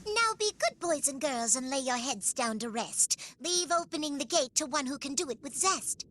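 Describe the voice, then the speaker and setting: A woman's voice: high-pitched, lively intonation, normal speed, fairly bright tone. A woman voicing a tiny, haughty female mage who taunts in sing-song rhymes in a game cutscene. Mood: mocking.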